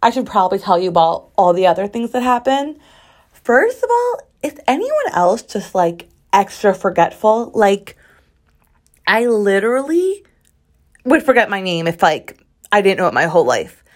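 A woman's voice: mid-range voice, very animated, moderate pace. A woman in her twenties hosting a casual solo podcast, chatty and sassy, with many "like" fillers. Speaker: podcast host.

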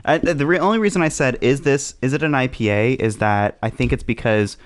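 A man's voice: medium pitch, a little fast. A man hosting a casual podcast chat, explaining at length with frequent restarts. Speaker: podcast host.

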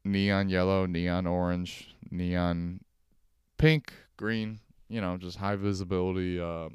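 A young man talks alone into his podcast mic from his couch, ranting in a sarcastic, profane comic way. His voice sits a little low and comes through very smooth and clean. The sound is close and dry, with no room around it. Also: flat delivery, takes it slowly, no echo. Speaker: podcast host. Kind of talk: solo comedic podcast rant. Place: at home on a couch.

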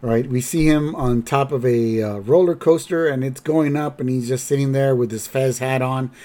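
A man hosts a podcast and recaps a cartoon episode in a loose, rambling way. He leans on fillers and side comments, at an even, middling pitch. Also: normal speed. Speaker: podcast host.

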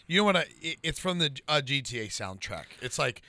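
A man's voice: on the high side, very animated, fairly quick, bright, forceful tone, no echo. A man co-hosting a podcast in casual chat, laid-back and loose, saying "dude" often. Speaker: podcast co-host.

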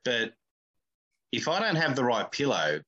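A man's voice: mid-range voice, wildly swooping pitch, unhurried, sharp tone, highs cut off. A man hosting a podcast in casual chat, with a blunt, opinionated and crude way of talking. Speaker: podcast host.

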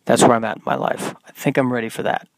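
A young man hosting his own podcast from inside a car, talking in a deadpan, self-mocking comedic monologue. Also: medium pitch, quick pace, no echo, low-quality recording. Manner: deadpan, self-mocking, slips into silly put-on voices. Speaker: podcast host.

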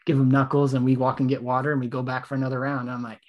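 A man co-hosting a podcast, telling animated stories in casual chat and acting out what people said. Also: mid-range voice, very fast, few pauses. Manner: animated storytelling, lots of "like", acts out quotes. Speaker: podcast co-host.

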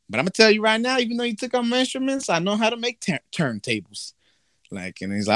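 Casual male talker, lively swinging pitch, bright tone, dry close sound, acts out voices in a profane story. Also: fast, dry recording. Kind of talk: casual comedic chat.

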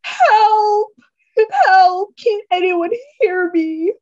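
A woman's voice: high-pitched, fairly even intonation, normal speed, highs cut off, voice pushed up, lightly acted. A woman voicing a desperate young man who pleads and cries out in grief. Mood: screaming.

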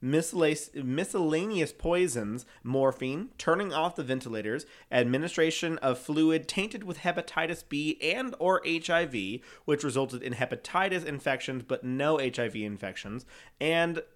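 A man's voice: a little high, lively intonation, moderate pace. A man co-hosting a casual true-crime podcast, rambling through the story and swearing freely. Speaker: podcast co-host.

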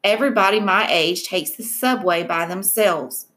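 A woman's voice: medium pitch, moderate pace, fairly bright tone, lightly acted. A woman voicing a fifteen-year-old girl who speaks in a curt, spiteful way. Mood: defiant.

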